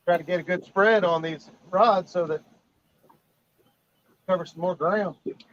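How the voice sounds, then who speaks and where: A man's voice: high-pitched, normal speed, pauses often, fairly bright tone, lo-fi sound. A man chatting casually outdoors while fishing, laid-back as he talks about his gear. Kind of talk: casual chat. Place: outdoors on a riverbank.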